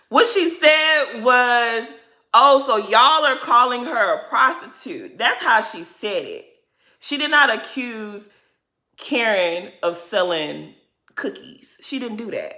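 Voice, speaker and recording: A woman's voice: bright, forceful tone, roomy sound. A woman giving a casual reality TV recap, sassy, blunt and profane. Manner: sassy, blunt and profane, mimics others in high exaggerated voices.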